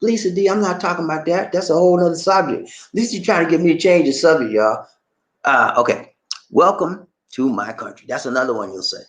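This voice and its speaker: A man living abroad talking casually to his viewers, animated, acting out shop conversations and repeating phrases for emphasis. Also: fairly high pitch, quick pace, reverberant. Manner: animated, acts out shop dialogues. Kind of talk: casual live-stream talk to viewers. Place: indoors, in the Philippines.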